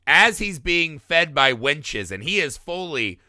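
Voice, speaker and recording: A man co-hosting a casual film podcast, animated, acting out movie lines as he talks. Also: a little high, measured pace, no echo, clean studio sound. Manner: animated, quotes movie lines in put-on voices. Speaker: podcast co-host.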